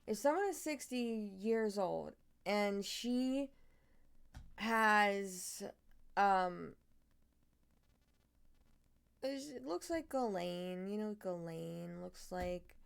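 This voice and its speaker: A woman's voice: medium pitch, slow pace, creaky, clean tone. A woman co-hosting a casual chat and livestream, profane and jokey. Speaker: streamer and podcast co-host.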